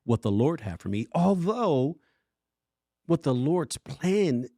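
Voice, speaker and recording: A man co-hosting a church podcast, telling his own story in animated casual chat and acting out his past lines. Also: fairly high pitch, slow pace, no echo, studio quality. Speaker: worship pastor and podcast co-host.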